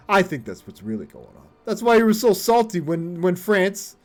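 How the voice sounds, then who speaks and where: A man's voice: high voice, very animated, normal speed, darkish tone. Swearing, laughing man streaming a game. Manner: rambling, swears freely, laughs often, talks to chat. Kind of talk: casual live-stream chat while gaming.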